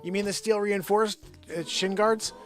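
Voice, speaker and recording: A man hosting a live improv comedy show, rambling with giggles and sudden shouted bursts. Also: high voice, fairly even intonation, moderate pace, soft background music.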